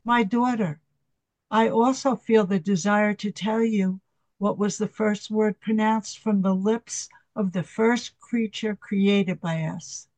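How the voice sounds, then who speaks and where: A reader voicing Jesus as a tender divine father speaking to a devotee, in a slow, gentle, reverent reading. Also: medium pitch, steady tone, dry recording.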